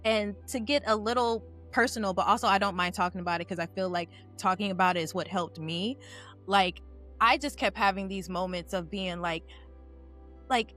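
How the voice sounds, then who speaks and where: A woman's voice: medium pitch, moderate pace, fairly bright tone, faint music behind. A young adult woman talking candidly and casually as a panelist on a game aftershow, with plenty of "like" fillers. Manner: candid and chatty, heavy use of "like". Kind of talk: casual chat.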